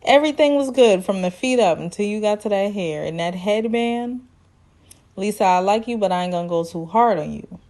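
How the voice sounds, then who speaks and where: A woman's voice: medium pitch, expressive, fairly quick, darkish tone. A woman vlogger giving sassy, teasing commentary in a casual TV recap.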